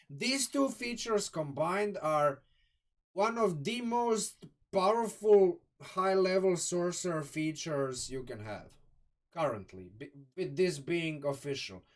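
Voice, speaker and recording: Croatian man, casual stream host, excitable rambler who swears, slightly high voice. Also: far from the mic. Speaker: live streamer reviewing a game sourcebook. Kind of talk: casual live-stream commentary.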